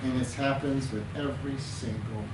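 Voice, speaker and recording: A man's voice: mid-range voice, steady tone, normal speed. Earnest counselor man in an echoey room. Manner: earnest, repeats words for emphasis. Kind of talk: conversational teaching talk. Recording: roomy, distant mic with background noise.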